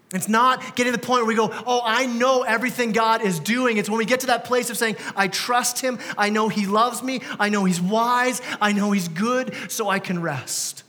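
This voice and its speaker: This man in his thirties, a pastor, preaches in a church sanctuary with a very high, pushed and bright voice, keeping a steady tone at normal speed. Conversational throughout, he fills the sermon with rhetorical questions for the congregation, and long church hall reverb colors the sound.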